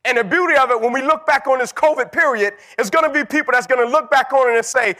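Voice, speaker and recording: A man delivers a motivational keynote in a strikingly high voice. His tone is bright and forceful, and he drives points home through emphatic repetition like a preacher. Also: quick pace, few pauses. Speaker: motivational speaker. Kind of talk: keynote speech.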